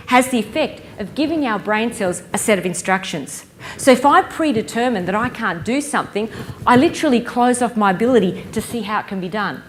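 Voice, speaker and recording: Lively woman giving a keynote. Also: fairly high pitch, slight background noise. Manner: lively, playful storyteller who engages the audience. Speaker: keynote speaker. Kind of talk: conference keynote talk. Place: conference hall stage.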